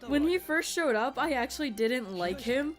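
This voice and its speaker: Young woman, excitable let's-play chat, lively swooping pitch, game music behind. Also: moderate pace. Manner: excitable, giggly fan chatter. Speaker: streamer playing a game.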